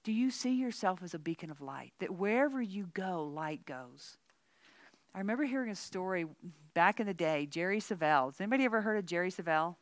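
A woman with a low-pitched voice teaches a women's Bible study in a frank, conversational way. She talks casually, with lots of "you know" asides. The sound is dry and close. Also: animated, brisk, dry recording. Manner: chatty, candid, many "you know" asides.

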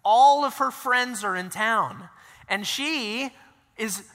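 Man, pastor, sermon, conversational storytelling, high bright voice, long hall reverb. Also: slow pace. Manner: conversational, animated storytelling with asides.

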